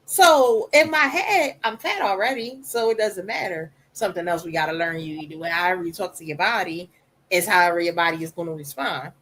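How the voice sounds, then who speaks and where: Soft-voiced woman talking candidly. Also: lowish voice, brisk, a little hiss or hum, rough recording. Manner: candid and personal, acts out quoted voices. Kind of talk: casual podcast conversation.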